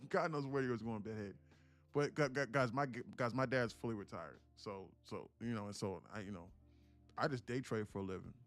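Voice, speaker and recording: A man's voice: lowish voice, brisk, faint music behind. A man hosting a casual live trading stream, telling a rambling story in a slangy way. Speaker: day trader and livestream host. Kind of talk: casual livestream chat.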